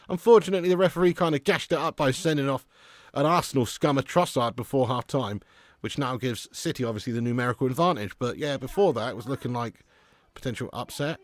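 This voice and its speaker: A man's voice: mid-range voice, fast talker, no echo, clean studio sound. A man hosting a live watch-along stream, bantering and greeting viewers by name. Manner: banter-filled, reads out chat names. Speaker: livestream host. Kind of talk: casual watch-along chat.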